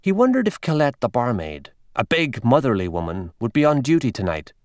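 In clean studio audio free of echo, a man reads an audiobook aloud at medium pitch, keeping his delivery measured yet expressive.

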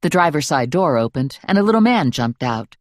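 Woman audiobook narrator, low voice, animated pitch, wry, playful, dry studio mic. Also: fairly quick, dry recording. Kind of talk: first-person audiobook narration.

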